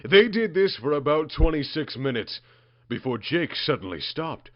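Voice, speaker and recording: A man's voice: fairly high pitch, sing-song, normal speed. A man reading a comedic story aloud in a mock-dramatic, building manner. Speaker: narrator. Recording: muffled dry lo-fi recording.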